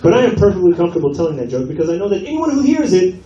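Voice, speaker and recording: A brash, profane male comedian works a club audience with a lively, bouncing delivery. He sounds roomy and set back from the mic. A crowd laughs around him. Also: sits high, racing, highs cut off. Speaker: stand-up comedian. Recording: echoey club from a distance with crowd.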